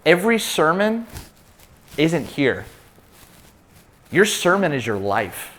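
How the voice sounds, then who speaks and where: A man with a slightly higher voice delivers a sermon built on personal stories. He is animated and acts out the other people in them. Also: takes it slowly. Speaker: pastor. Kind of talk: preaching to pastors with personal stories.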